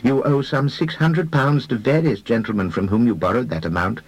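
A man voicing a gentle, precise middle-aged detective in an audiobook, with a husky tone and deliberate phrasing. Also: medium pitch, voice pushed up, rough recording. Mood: gently stern. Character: mild middle-aged male detective, careful, polite. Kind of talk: audiobook character voice.

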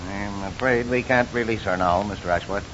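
An actor playing a medical examiner in an old radio drama, clipped and matter-of-fact. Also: male voice, brisk, a bit bright, lightly acted. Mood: clinical. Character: dry, clinical medical examiner, male. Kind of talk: 1940s radio acting. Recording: dull old radio recording with rumble.

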